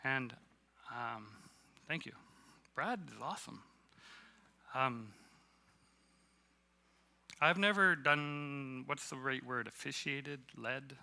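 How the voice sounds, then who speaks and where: Bright, gravelly-voiced man preaching casually. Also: medium pitch. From Canada. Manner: casual, halting, self-deprecating with many fillers. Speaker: guest preacher. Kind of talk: sermon. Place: church hall.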